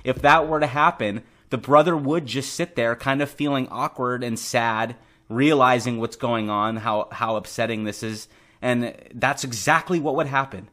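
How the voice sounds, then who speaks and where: A man's voice: mid-range voice, moderate pace, a bit bright. A young man co-hosting a casual podcast, talking earnestly about a favorite film and laughing easily. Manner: earnest, laughs easily, uses many fillers. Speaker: podcast co-host. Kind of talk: casual chat.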